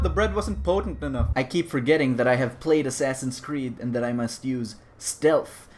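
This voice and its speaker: A young man giving jokey gameplay commentary who keeps breaking into loud yelps. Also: mid-range voice, moderate pace, few pauses, slight background noise. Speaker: gaming video host.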